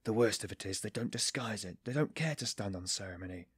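A male narrator voicing a tormented, suspicious young student in an audiobook, his pitch jumping between shrill outbursts and low mutters. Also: lively intonation, fast, breathy edge, no room sound. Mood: raging. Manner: agitated inner monologue, swinging between shrill and muttered. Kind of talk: audiobook character voice.

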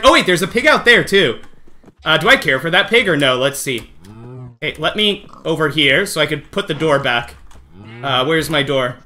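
A man streaming a game live, talking excitedly to his chat and coaxing the animals along, often shouting and laughing. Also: fairly high pitch, normal speed. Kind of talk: excited live gameplay commentary.

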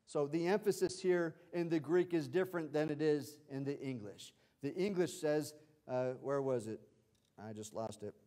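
A male pastor preaching a livestreamed sermon, moving between quiet explanation and loud, excited exclamations of hallelujah. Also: medium pitch.

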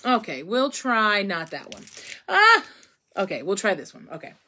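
A woman's voice: mid-range voice, big pitch swings, a little fast, sharp tone. A young woman hosting a casual painting tutorial, chatting and thinking aloud as she works, often poking fun at her own mistakes. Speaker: craft instructor.

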